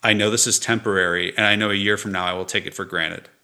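Man, middle-aged, bright forceful tone, slightly low pitch, earnest, reflective, candid interview guest. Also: fairly even intonation, quick pace. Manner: earnest, reflective, laughs while telling stories. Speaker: podcast guest, entrepreneur.

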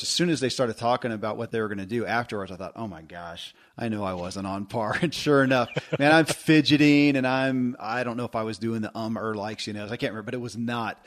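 A man hosting a podcast, telling stories in a casual, animated way with self-deprecating laughter. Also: on the low side. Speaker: podcast host.

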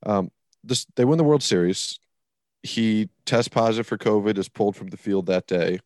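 A man's voice: lowish voice, moderate pace, darkish tone, no room sound, clean studio sound. A man co-hosting a casual sports podcast, talking in a rambling, emphatic way. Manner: rambling, emphatic, swears when worked up. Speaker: podcast co-host.

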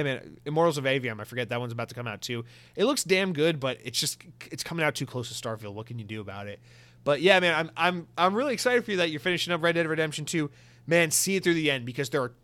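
A male podcast host with a slightly high voice, talking in an animated, rambling way. He restarts his sentences often and drifts into side comments as he goes.

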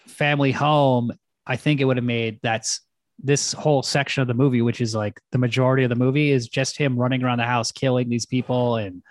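A man's voice: medium pitch, no room sound. A man co-hosting a podcast, retelling a film plot in a loose, rambling way with lots of filler words. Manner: rambling, full of "like" and restarts. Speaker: podcast co-host.

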